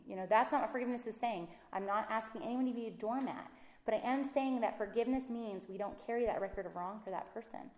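A woman giving a casual Bible teaching, chatty and animated, acting out the people she quotes. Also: fast talker, roomy sound. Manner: chatty and animated, acts out quotes with rising pitch.

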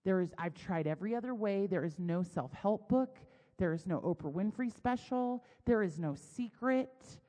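A woman's voice: medium pitch, normal speed. Candid woman preaching in an echoey hall. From United States. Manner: candid, self-deprecating, animated storytelling. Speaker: women's Bible teacher. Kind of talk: personal storytelling sermon.

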